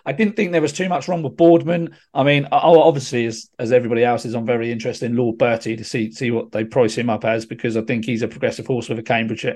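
A man gives racing tips in a casual, hesitant way. He talks at a medium pitch and often stops to restart his thoughts. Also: little pitch movement, fast, few pauses, a little mellow. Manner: hesitant, full of ums and restarts. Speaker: racing tipster.

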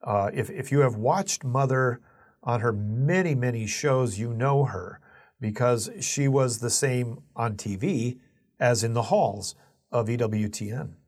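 A man with an everyday mid-range voice tells earnest, reflective stories from his own experience. He speaks as a Catholic teacher recounting memories in a relaxed, conversational way. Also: medium pitch, unhurried. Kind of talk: personal storytelling talk.

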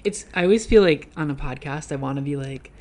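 A man who makes online videos, guesting on a casual podcast, relaxed, joking and frank, picked up quietly by a shared mic beside him. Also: a little high, fairly quick. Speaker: guest, YouTuber. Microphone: shared desk mic, off to the side. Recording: quiet and set back from the mic.

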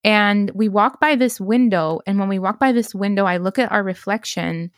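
A woman's voice: mid-range voice, moderate pace, dry recording, clean studio sound. A woman in her thirties telling a dream story in casual chat, rambling with lots of "like" fillers. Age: 30s. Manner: rambling, many "like" fillers, acts out quotes.

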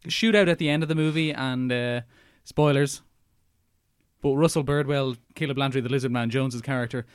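A man's voice: mid-range voice, steady tone, fairly quick, smooth, no echo. A young man co-hosting a film podcast, mostly brief agreement and dry jokes. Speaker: podcast co-host. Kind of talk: casual film podcast chat.

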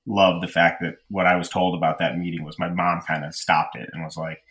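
A young man with a low, deep voice tells a personal story in relaxed conversation. He rambles, restarts his sentences and leans on fillers as he goes. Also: brisk, few pauses. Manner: rambling, self-deprecating, frequent fillers and restarts. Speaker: podcast storyteller. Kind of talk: casual storytelling chat.

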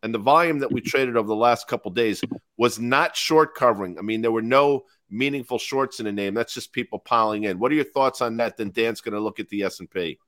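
A man's voice: mid-range voice, brisk, a bit bright. A man co-hosting a market panel show, making joking asides and then posing questions to the others. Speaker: co-host moderating.

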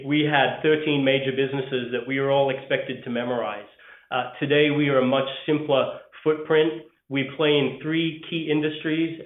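A man with an Australian accent, a guest answering interview questions in a measured way with frequent pauses. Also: medium pitch. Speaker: guest, HR leader. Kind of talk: podcast interview. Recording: echoey phone-like line.

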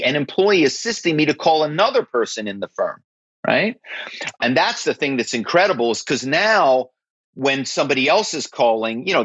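A man telling stories as an interview guest, emphatic and animated, often checking in with "right?". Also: fairly high pitch, husky, no echo. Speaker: guest, former actor and corporate spy. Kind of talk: interview conversation. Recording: slightly dull, dry.

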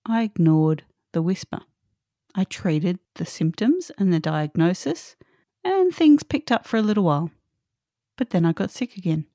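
A woman's voice: on the low side, expressive, normal speed, mellow, no echo, studio quality. A middle-aged woman hosting a solo podcast, earnest and emphatic, repeating her key points. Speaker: podcast host.

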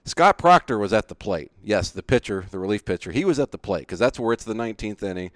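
A man chatting casually on a podcast, telling a baseball story in an animated way with frequent laughs. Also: fairly low pitch, fast talker, no room sound, clean studio sound. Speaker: podcast co-host, baseball fan.

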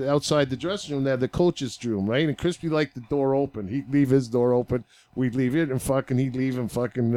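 Ex hockey guy telling old locker room stories, swears constantly, laughs a lot, mid-pitched voice, pretty animated. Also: dry recording. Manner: profane, animated storyteller, laughs often. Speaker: podcast guest, former hockey player. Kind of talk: casual storytelling chat.

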